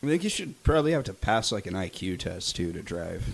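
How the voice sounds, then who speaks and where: A man's voice: low voice, sing-song, fairly quick, gravelly, a little hiss or hum. A man on a podcast telling a crude story in casual chat, swearing often.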